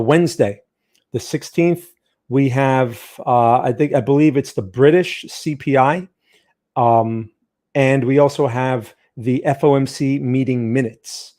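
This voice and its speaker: A man's voice: mid-range voice, mellow. A man hosting a trading livestream, talking casually through market events with joking asides and frequent "right?" checks.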